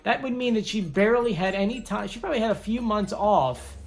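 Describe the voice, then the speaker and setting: A woman talks through her theories in a casual commentary, wandering and hedging as she thinks aloud. Her voice sits in a middle pitch, and soft music plays quietly behind her. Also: expressive, brisk, vocal fry. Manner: chatty, thinks aloud, hedges often. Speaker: video host.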